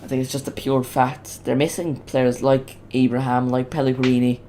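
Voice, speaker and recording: A man running a live football watch-along stream, talking in a casual, rambling way and getting louder when the action picks up. His voice cracks and strains as he goes, sitting at a mid pitch. A faint hum of noise runs under him. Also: normal speed. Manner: chatty, rambling, excitable on goals. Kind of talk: live match commentary, casual.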